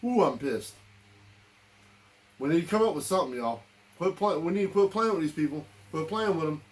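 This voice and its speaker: A man's voice: fairly high pitch, fast. A man giving an angry, blunt and profane political rant to camera as a vlogger, repeating himself as he goes. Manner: heated, repetitive, blunt and profane.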